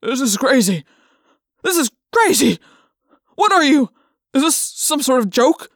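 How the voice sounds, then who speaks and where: A woman voicing a frightened grown man, an elephant trainer, who stammers and shouts in an audiobook reading. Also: high-pitched, very animated, measured pace, dry recording, studio quality, exaggerated voice. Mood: panicked. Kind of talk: audiobook character voice.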